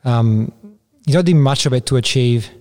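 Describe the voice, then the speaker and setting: An Italian-accented man with a mellow, dark voice speaks as a podcast guest. He talks plainly and pauses to find his words. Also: mid-range voice. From Italy. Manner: hesitant, halting, plain-spoken. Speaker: martial arts guest. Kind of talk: casual podcast interview.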